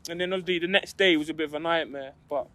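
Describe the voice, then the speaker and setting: A man's voice: a little high, very fast, pushed and bright, slight background noise. A young man, co-hosting a casual podcast and telling a school story, acting out what people said. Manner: storytelling, acts out quotes in his stories. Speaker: podcast co-host. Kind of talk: casual chat.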